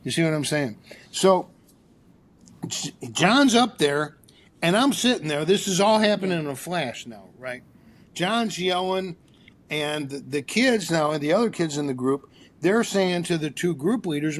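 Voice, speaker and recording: A man's voice: high voice, normal speed. An older man, a therapist guest, telling a story in an interview and acting out the dialogue with energy. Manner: animated storyteller, acts out dialogue.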